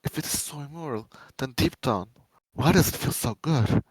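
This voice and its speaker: Theatrical man reading a dark monologue. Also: mid-range voice, expressive, moderate pace, breathy edge, dry recording, rough recording. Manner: theatrical, swinging between menacing loud lines and hushed pleading ones. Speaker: fan fiction reader. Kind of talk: dramatic reading of a first-person monologue.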